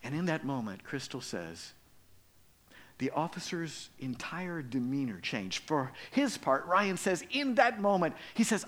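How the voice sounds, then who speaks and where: A man preaching a sermon, swinging between loud emphatic lines and quiet, soft ones. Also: a little high, sing-song, a little slow. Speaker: pastor.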